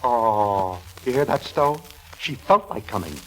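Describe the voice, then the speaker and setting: An actor playing a dryly exasperated astronomer husband in a 1940s radio comedy, with sardonic quips. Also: male voice, medium pitch, animated, measured pace, close to an everyday voice. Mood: sardonic, giddy.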